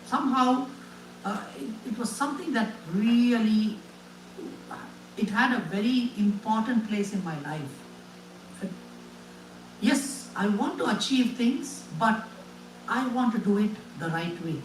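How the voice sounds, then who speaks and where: A man tells his own story to a crowd in an earnest, halting way, often restarting his sentences. His voice rings around a reverberant room and sits well back from the microphone. A faint hum of ambience runs underneath. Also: sits high, recorded from a distance. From India. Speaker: guest speaker. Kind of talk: personal testimony to an audience.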